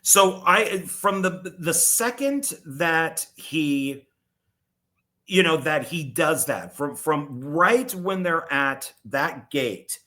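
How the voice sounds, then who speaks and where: A man co-hosting a casual film discussion podcast, talking in rambling runs and acting out characters in quick asides. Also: a little high, lively intonation, bright, forceful tone. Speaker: co-host.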